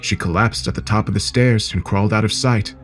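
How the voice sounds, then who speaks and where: A man narrating a horror story in a steady, measured way. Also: lowish voice, soft background music.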